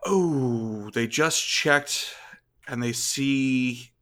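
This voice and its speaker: A young man co-hosting a comedy podcast, deadpan, who slows down to read fake messages aloud. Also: mid-range voice. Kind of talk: improvised comedy bit.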